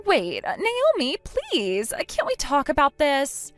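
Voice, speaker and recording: A woman's voice: high-pitched, huge pitch swings, measured pace, no room sound, faint music behind, voice pushed up, full character voice. A woman voicing a spiteful, mocking young woman in a text-message story, taunting and sarcastic. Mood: flustered.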